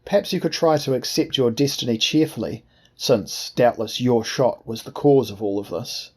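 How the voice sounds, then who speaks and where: A man voicing a tall, thin, sardonic gentleman traveller in an audiobook, ironic and amiable. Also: mid-range voice, big pitch swings, moderate pace, husky, voice pushed up. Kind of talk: audiobook dialogue.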